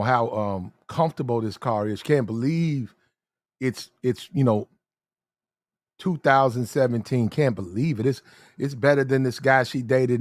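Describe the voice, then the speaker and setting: A man giving blunt, slang-heavy dating advice in casual talk, drawing out his words slowly when he lists details. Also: medium pitch, no room sound, clean studio sound.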